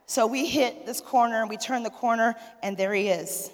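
A woman in her forties, a pastor's wife, telling a funny story to a church audience in an animated way, laughing and acting out the dialogue. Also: a little high, moderate pace, long reverb tail. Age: 40s. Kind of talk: humorous storytelling testimony.

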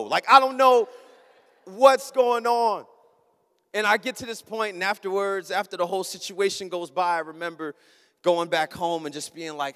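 Young male pastor, high voice, animated storytelling sermon, long hall reverb. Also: moderate pace, smooth. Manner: animated, acts out the people in his story.

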